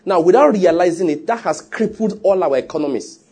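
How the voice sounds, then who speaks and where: A man's voice: high-pitched, lively intonation, a little fast, a little mellow, slightly rough. A man preaching a sermon in an emphatic, conversational way, with joking asides. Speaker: pastor.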